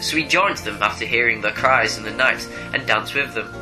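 A man co-hosting a comics podcast, giving a steady, plain recap of a story and then chatting. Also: mid-range voice, moderate pace, over music, low-quality recording. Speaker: podcast co-host. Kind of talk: summarizing a comic story, then casual chat.

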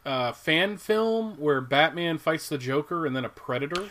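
A man's voice: on the high side, moderate pace, a bit bright. An American man in his forties, co-hosting a podcast, chatting loosely about comics with lots of restarts and chuckles. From United States. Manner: rambling, many restarts, chuckles at his own jokes. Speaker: podcast co-host. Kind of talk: casual chat about comics.

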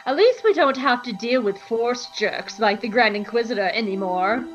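A woman's voice: fairly high pitch, animated, moderate pace, lo-fi sound, faint music behind, natural voice. A woman voicing a weary male imperial officer who talks in a sighing, resigned way.

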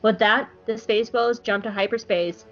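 A woman co-hosting a podcast, recapping an episode in an animated, profane, joking way. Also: a little high, moderate pace, highs cut off, faint music behind. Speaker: podcast co-host.

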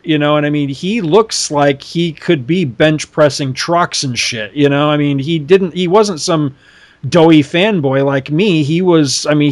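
A man co-hosting a podcast in casual chat, rambling through stories with lots of fillers and asides. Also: fairly high pitch. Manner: rambling, animated storytelling with many fillers. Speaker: podcast co-host.

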